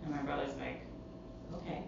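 A woman guest on a podcast, telling a story in a casual, profane and animated way and acting out what her family said. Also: fairly high pitch, quick pace, noisy background. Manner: animated, profane, acts out family members' lines. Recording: echoey room, far from a dull mic.

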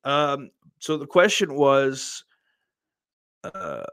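Rambling, foul-mouthed man, lowish voice. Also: expressive, unhurried, long pauses, a bit bright, no echo. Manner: profane, rambling, heavy on fillers. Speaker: podcast host. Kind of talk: casual rambling monologue.

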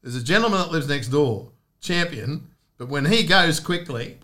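A man hosts a casual podcast, firing off jokes and questions and cutting in often. His voice is bright and fairly high for a man. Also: moderate pace. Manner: animated, joking, interrupting. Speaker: podcast host.

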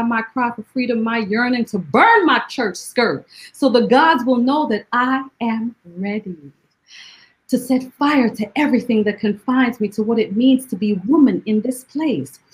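Woman reading poetry, fairly high voice. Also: poor audio. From Jamaica. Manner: rhetorical questions, animated storytelling; slow, deliberate poetry recitation. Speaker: poet guest. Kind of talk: conversational interview and poetry reading.

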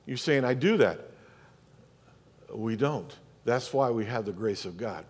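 A man's voice: medium pitch, expressive, a little slow, husky, long reverb tail. A male pastor, preaching a sermon in a church in a conversational way, asking his listeners questions as he goes.

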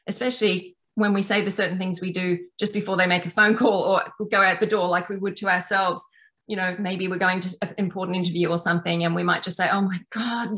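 A woman speaking earnestly and gently about self-care in long, flowing sentences that restart mid-thought. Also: fairly low pitch. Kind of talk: reflective personal talk.

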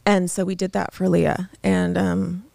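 In a studio, a woman in her thirties appears as a podcast guest and haltingly tells a painful personal story, with many fillers and restarts. Her lowish voice is monotone, creaky, and mellow, with no echo.

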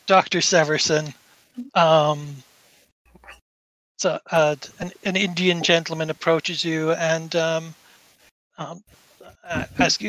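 A man narrating as game master of a tabletop game, halting and full of fillers. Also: a little high, level tone, fairly bright tone, no room sound, low-quality recording.

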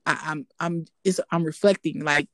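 A woman's voice: deep voice, steady tone, normal speed, fairly bright tone, no room sound. A young adult woman co-hosting a podcast, talking candidly and reflectively in casual chat. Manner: candid, reflective, repeats herself for emphasis. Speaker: podcast co-host.

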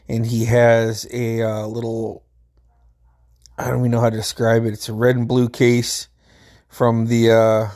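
A man's voice: medium pitch, warm tone. A middle-aged man casually telling a family story, laid-back, swearing freely and laughing as he goes.

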